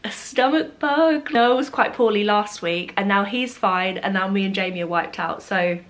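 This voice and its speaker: A young woman chatting warmly in a cozy vlog, a bit nasal and short of breath from a cold. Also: medium pitch, fairly even intonation, normal speed. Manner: gushing and affectionate, many "like"s. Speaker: vlogger. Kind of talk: cozy casual vlog chat.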